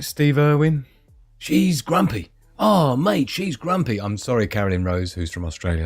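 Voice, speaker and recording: A man's voice: fairly low pitch, a little mellow, no room sound. Rambling man, dry close sound. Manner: rambling, chatty, loses his thread. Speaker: livestream host. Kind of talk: casual live-stream chat.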